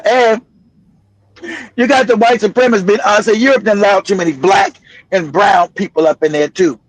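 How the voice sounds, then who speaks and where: A man's voice: high-pitched, moderate pace, no echo, low-quality recording. A man hosting a political commentary livestream, talking bluntly and profanely and laughing often. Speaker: livestream host.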